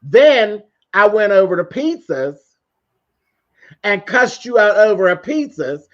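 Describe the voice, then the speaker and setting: Brash high-voiced man telling profane gossip. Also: sing-song, slow, a bit bright. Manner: brash, profane storytelling with mocking quoted voices. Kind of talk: casual live-stream gossip chat. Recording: dull lo-fi stream audio.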